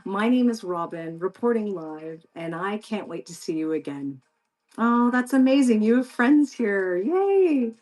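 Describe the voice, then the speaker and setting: A woman's voice: mid-range voice, animated, measured pace, darkish tone. Effusive woman hosting a live stream. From Canada. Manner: effusive and encouraging, chatting directly to viewers. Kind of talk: casual live stream chat with viewers.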